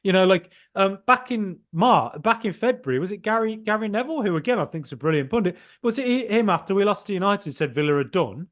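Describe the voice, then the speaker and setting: Animated man in football chat. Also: high voice, quick pace, hardly any pauses. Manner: animated, joking, swears casually, trails off and restarts. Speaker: podcast host. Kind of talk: casual football podcast chat.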